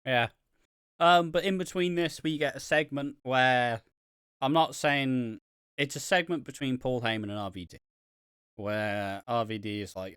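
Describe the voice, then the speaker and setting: Bright-voiced sarcastic man, casual podcast chat. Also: medium pitch, steady tone, a little slow, smooth, no echo, studio quality. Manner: sarcastic, profane, mock-enthusiastic. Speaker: podcast co-host. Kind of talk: casual chat reviewing wrestling.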